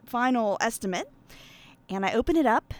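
A woman's voice: a little high, lively intonation, moderate pace, a little mellow. A woman from Pennsylvania telling a long story in casual conversation, chatty and self-deprecating, with plenty of fillers. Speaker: guest.

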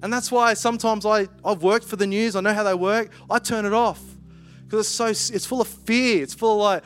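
A man preaching a conversational sermon, animated and playful, with lively asides. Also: high voice, fairly quick, faint music behind.

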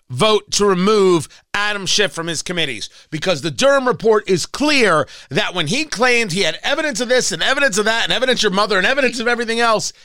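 A man's voice: sits high, sharp tone, no echo. A man hosting a talk radio show, giving chatty, opinionated commentary with frequent restarts and asides. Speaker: radio host.

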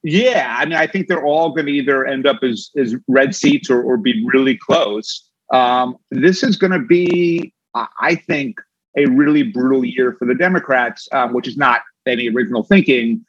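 A man being interviewed, talking fast with frequent restarts and fillers. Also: mid-range voice, no room sound, muffled recording. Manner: quick, with many restarts. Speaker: guest, former campaign manager.

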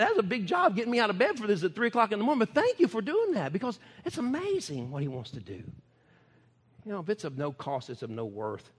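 A man's voice: high-pitched, big pitch swings, fast talker, slightly rough, long reverb tail. A man, preaching in a folksy, emphatic way and laughing often. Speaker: ministry speaker. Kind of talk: preaching talk.

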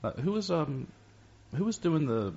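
A man chatting casually, adding quiet, agreeable asides. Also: on the high side, very animated, unhurried, vocal fry, highs cut off. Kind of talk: casual chat.

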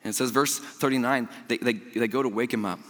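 A young man preaching a casual, storytelling sermon as a youth pastor, chatty and animated, laughing often and stumbling over repeated words. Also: medium pitch, brisk. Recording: long hall reverb.

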